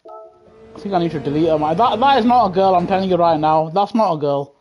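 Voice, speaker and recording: A young British man with a high, darkish voice talks fairly quickly as he commentates live on a racing game over a gaming headset. He banters with chat in slang and laughs often. The sound quality is lo-fi.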